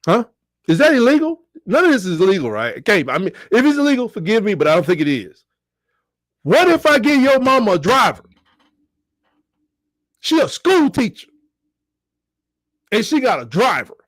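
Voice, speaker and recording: A middle-aged man talks through a casual sports livestream, joking and reading chat comments aloud. His pitch sits high and swings widely as he talks, often jumping into squeals. The sound is dry and close, with no room behind it. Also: huge pitch swings, normal speed, long pauses, no echo.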